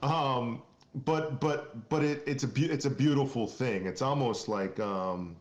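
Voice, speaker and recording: A man's voice: mid-range voice, unhurried, reverberant. A man from Maine, a company founder being interviewed, talking earnestly in a rambling way with many restarts. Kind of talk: casual podcast interview.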